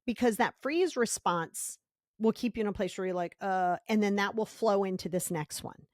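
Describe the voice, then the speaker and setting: A woman hosts a self-help podcast with an emphatic delivery. She repeats words for stress and breaks into quick acted-out voices. Her mid-pitched voice sits in a dry, close recording. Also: dry recording. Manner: emphatic, acts out little scenes in quoted voices. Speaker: podcast host.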